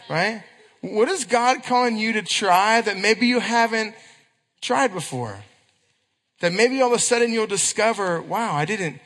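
A man preaching a sermon to young people in a church, telling stories with quick asides and acted-out quotes. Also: high-pitched, bright, forceful tone. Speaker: youth pastor. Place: church hall. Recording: echoey church hall.

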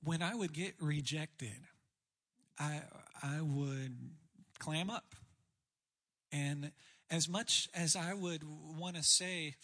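A man's voice: high voice, a little slow, sharp tone. A man preaching a sermon on marriage, candid and self-deprecating in a conversational way. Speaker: pastor speaking on marriage.

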